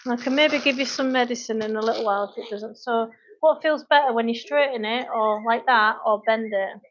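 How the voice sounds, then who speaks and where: A chatty British woman in her thirties with a fairly high voice hosts a casual fitness livestream from her kitchen. She reads viewers' comments aloud and keeps stopping to look after her children. The sound is dull and lo-fi. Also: a little fast. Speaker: fitness coach. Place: home kitchen.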